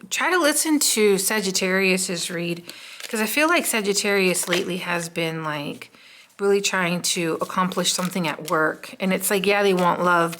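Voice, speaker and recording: Woman tarot reader, lowish gravelly voice, casual and musing, fillers throughout. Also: a bit bright, slight background noise. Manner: musing, chatty, many "um" fillers.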